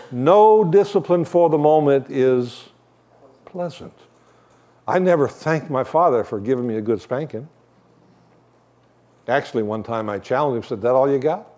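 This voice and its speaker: A man's voice: mid-range voice, a little mellow. An older man giving a sermon as a guest preacher, talking in a conversational way with joking asides while he shows shepherd props.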